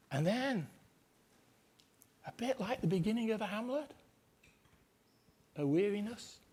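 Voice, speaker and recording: A man, a Shakespeare scholar, lecturing and half-acting the lines he explains in an animated way. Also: high voice, a little slow, long pauses, husky. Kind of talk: lecture talk.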